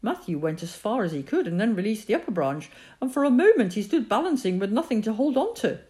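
A woman narrating a children's story in a calm, measured reading voice. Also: on the high side.

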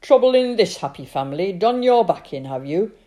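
A woman voicing a brisk, no-nonsense male doctor who talks in a brusque, quick manner. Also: mid-range voice, big pitch swings, mellow, pitched above the performer's own voice.

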